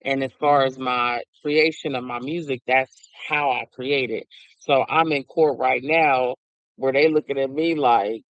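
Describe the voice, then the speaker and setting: A man's voice: mid-range voice, steady tone, a little slow, fairly bright tone, dry recording, muffled recording. A middle-aged man talking in a casual, rambling monologue who laughs often. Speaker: vlogger.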